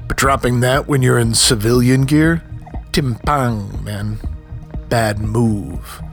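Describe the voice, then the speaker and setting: A man reads a huge street enforcer who keeps his voice quiet and clipped. He sounds threatening without ever shouting. The pitch sits at an everyday middle level. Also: slow, gravelly, soft background music. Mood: suspicious. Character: hulking menacing male gang enforcer.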